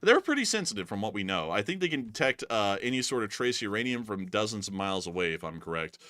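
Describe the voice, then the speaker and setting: A man's voice: fairly low pitch, very animated, fast, pushed and bright, no room sound, studio quality. A man hosting a casual livestream news show, answering viewer questions in a rambling way full of fillers and restarts.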